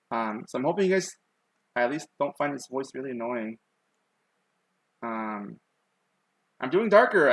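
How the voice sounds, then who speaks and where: A man's voice: mid-range voice, fairly bright tone, no room sound, rough recording. Young man, slithery lisp on his S's, rambling live-stream chat, dry close sound. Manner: rambling, many ums and likes, self-conscious.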